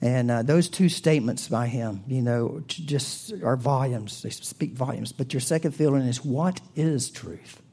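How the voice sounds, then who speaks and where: A man preaching a sermon with an American accent, earnest and full of rhetorical questions, rising loud and then dropping to a hush. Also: mid-range voice, moderate pace, few pauses, slightly rough. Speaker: pastor.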